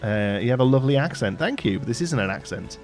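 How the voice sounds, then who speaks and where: A chatty man, rambling through a relaxed live stream with plenty of "um"s and restarts. His voice sits in an everyday middle pitch. Soft music plays faintly behind him. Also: fast talker. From England, Staffordshire. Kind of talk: casual chat while gaming, reading chat aloud.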